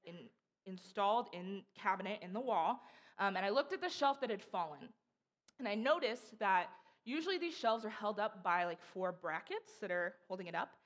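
A woman's voice: medium pitch, fairly bright tone. A young woman giving a casual, chatty sermon, acting out voices as she tells stories. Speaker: preacher.

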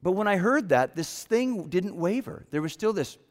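Lively preaching man in a reverberant hall. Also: high-pitched, moderate pace. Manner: storytelling, dropping to a hush for quoted lines. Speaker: pastor. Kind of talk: sermon.

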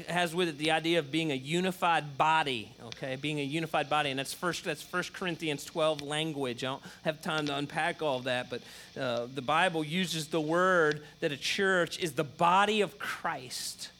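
Middle-aged pastor preaching, keeps saying okay, fairly high voice. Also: male voice, moderate pace, sharp tone, a little hiss or hum. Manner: emphatic, repetitive preaching with frequent "okay?" check-ins. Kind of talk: sermon.

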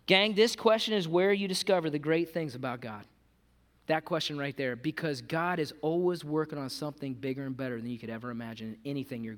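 A male pastor with a high, light voice preaching in a big hall, and the sound rings with a long reverb. He talks casually, calling the crowd "gang", then drops to a near-hush before rising loud again. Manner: swings between hushed earnest lows and loud animated highs; conversational, calls the audience "gang". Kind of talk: sermon.

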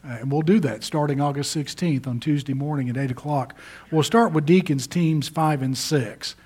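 A man's voice: fairly high pitch, moderate pace, darkish tone, breathy edge. A middle-aged male pastor preaching a sermon, stressing key words emphatically.

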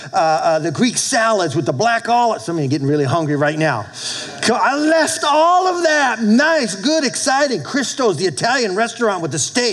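A male pastor preaching a sermon to his congregation, animated, with call-and-response asides. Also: on the high side, poor audio. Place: church with a congregation.

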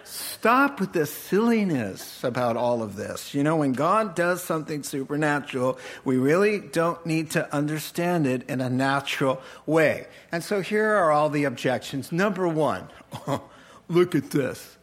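Slow-paced joking male pastor. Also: a little high. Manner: animated, joking asides with laughter. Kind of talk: sermon.

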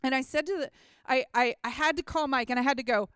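A woman gives a personal faith testimony in a casual, heartfelt way, full of "like"s and restarts. Her voice sits high and sounds smooth and clear. The recording is dry and close. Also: fast, fairly bright tone, no echo. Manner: casual and earnest, lots of "like" and restarts. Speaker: mission trip team member.

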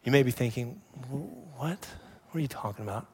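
A man in his thirties, a pastor preaching a sermon with animated storytelling that drops to hushed emphasis. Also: medium pitch, brisk, vocal fry, breathy edge.

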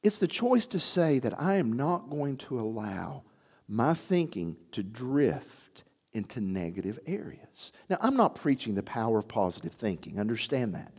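Animated preacher man, lively pitch. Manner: animated, rising to emphatic near-shouts on key phrases. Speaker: pastor. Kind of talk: sermon.

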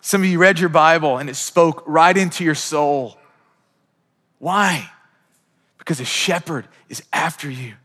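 A man's voice: fairly high pitch, measured pace, pauses often, fairly bright tone. A man in his thirties preaching a sermon as pastor, emphatic and full of rhetorical questions. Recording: long hall reverb.

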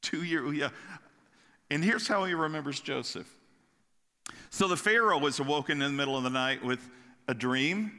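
Male pastor, high bright voice, animated jokey sermon storytelling, live hall reverb. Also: moderate pace, long pauses. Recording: long reverb of a large hall.

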